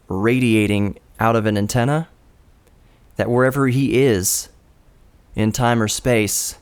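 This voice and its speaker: A man in his thirties hosting his own radio show, talking alone into a studio microphone in an earnest, storytelling way with a dry, self-mocking streak. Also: fairly low pitch. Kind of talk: reflective solo radio monologue. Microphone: studio broadcast microphone.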